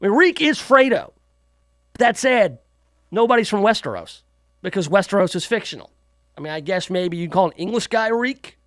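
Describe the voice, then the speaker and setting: A man's voice: high voice, very animated, normal speed, a bit bright, no echo, clean studio sound. A man hosting a talk radio show, giving sarcastic, mocking political commentary.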